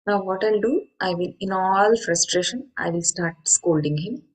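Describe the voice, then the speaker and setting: A woman's voice: mid-range voice, moderate pace, poor audio. A middle-aged woman giving an earnest spoken talk on mindfulness, explaining with everyday examples and rhetorical questions. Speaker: meditation speaker. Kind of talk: spoken talk to an online group.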